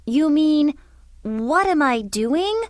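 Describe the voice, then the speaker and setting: A woman's voice: expressive, takes it slowly, no echo, clean studio sound. A woman voicing a frightened young boy who stammers in surprise. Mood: nervous. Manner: startled, stammering, high. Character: scared, curious young boy explorer.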